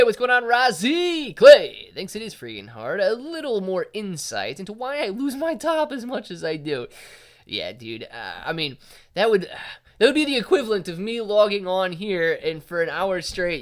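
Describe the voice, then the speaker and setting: A man's voice: fairly high pitch, clean tone. A man hosting a casual live stream, reading out viewer chat and talking loosely with his audience. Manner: loose and chatty, calls viewers dude and man.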